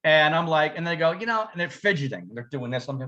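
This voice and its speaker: Male co-host, high-ish bright voice, animated storyteller who swears and laughs. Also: fast talker, muffled recording. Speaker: podcast co-host, music teacher. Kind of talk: casual storytelling chat.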